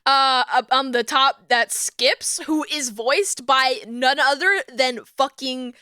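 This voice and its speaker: A young woman streamer rambles through a casual chat, giggling and swearing as she goes. Her voice sits high and clean, and she takes an unhurried pace. The sound is dry and close, with no room around it. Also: pushed and bright, clean tone, no room sound.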